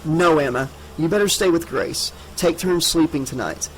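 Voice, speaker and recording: A man's voice: a little high, normal speed, slight background noise, natural voice, poor audio. A man voicing a determined teenage boy who speaks with urgent intensity, in an audiobook.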